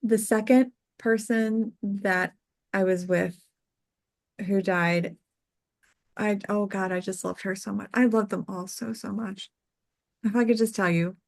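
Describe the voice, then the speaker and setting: A death doula appears as a guest on an interview show, telling personal stories earnestly and from the heart, with lots of "like" fillers. Her mid-range voice is steady and creaky, and she speaks slowly, pausing often. On the tender moments it softens and goes quiet.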